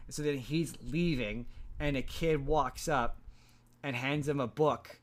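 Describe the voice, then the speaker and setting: A man of medium pitch chats casually as a podcast host, recapping a story. He rambles, trips over his words and restarts sentences often. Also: slow. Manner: rambling, frequent restarts and stammered repeats. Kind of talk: casual chat recapping a film.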